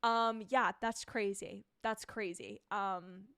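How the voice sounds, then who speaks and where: An excitable young woman hosts a live reaction stream, gushing and rambling as she answers viewer comments. Her voice sits in a middle range for a woman. The sound is dry and close, with no room echo. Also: medium pitch, takes it slowly, smooth. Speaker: TV reviewer hosting a live stream.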